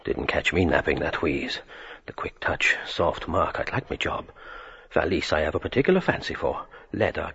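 A man's voice: low-pitched, fairly bright tone, husky, exaggerated voice. An actor voicing a man's drifting inner thoughts in fragmentary, half-whispered phrases. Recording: dull lo-fi radio drama recording.

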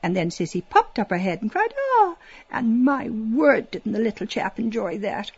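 Breathy woman reading a novel aloud. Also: mid-range voice, moderate pace, dull audio. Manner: expressive, lilting storytelling with soft hushed passages. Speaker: audiobook narrator. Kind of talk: literary audiobook reading.

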